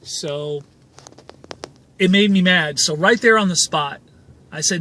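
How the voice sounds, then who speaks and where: A man hosting a motivational channel, telling a personal story emphatically while touring a neighborhood outdoors on a handheld camera, with rambling "and, uh" pauses. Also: a little high, lively intonation, fairly bright tone, slight background noise. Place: outdoors, moving through a residential neighborhood. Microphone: handheld camera filming as he goes.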